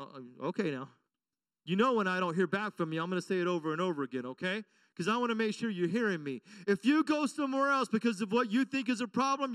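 A man's voice: high voice, fairly bright tone, dry recording, distant mic. A man preaching as pastor, emphatic and repetitive, often checking in with the congregation. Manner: emphatic preaching with repeated call-and-response questions. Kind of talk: sermon. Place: church.

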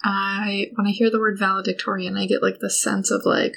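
Raspy gravelly woman player, dry blunt jokes. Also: medium pitch, level tone, fairly quick, hardly any pauses, fairly bright tone, rough recording. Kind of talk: tabletop game chat.

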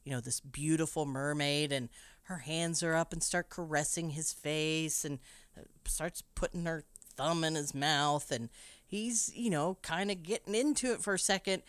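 A woman casually recapping a film, animated and profane, often laughing as she tells it. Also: sits low, normal speed, clear, resonant tone, no room sound.

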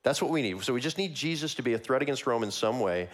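A man preaching a sermon, walking through a Bible passage verse by verse in a conversational, animated way that acts out the characters. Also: mid-range voice, fast talker.

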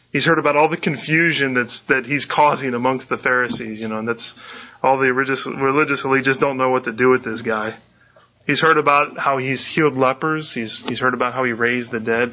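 Man preaching in an animated way. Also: medium pitch, highs cut off. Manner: animated, conversational preaching with many repeats. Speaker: pastor. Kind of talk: sermon.

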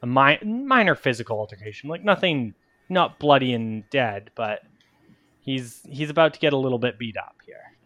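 A man talking casually as a player in a tabletop game, relaxed and halting. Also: medium pitch, no echo. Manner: relaxed, laughing, with halting restarts.

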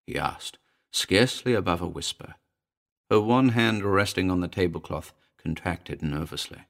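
A man reading a classic ghost story aloud in a measured, expressive narrating voice. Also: low voice.

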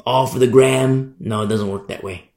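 A man preaching a sermon with fervent emphasis, swinging between loud declarations and hushed asides. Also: medium pitch, steady tone, normal speed, vocal fry. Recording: echoey room.

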